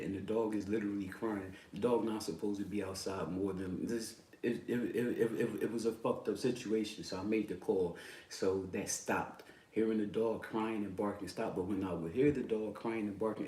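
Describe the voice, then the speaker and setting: A man hosting a livestream, telling a profane story in a casual, animated way, with bursts of loud emphasis. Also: fairly low pitch. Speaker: livestream host. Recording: roomy echo, distant mic, faint noise.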